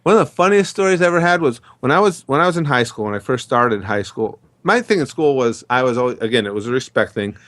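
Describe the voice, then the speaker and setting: A man's voice: medium pitch, animated, quick pace, few pauses, fairly bright tone. Middle-aged guy rambling thru a story, does little voices for the people in it, easygoing. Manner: chatty, rambling storyteller who acts out dialogue. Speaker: interview guest. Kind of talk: storytelling in a casual interview.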